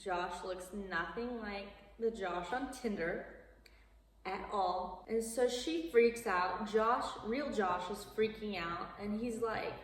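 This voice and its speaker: Chatty young woman recapping a story, echoey room. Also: slow pace. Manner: chatty, amused, acts out quotes with lively pitch jumps. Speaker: vlogger. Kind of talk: casual movie recap storytelling. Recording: roomy, echoey, from a distance.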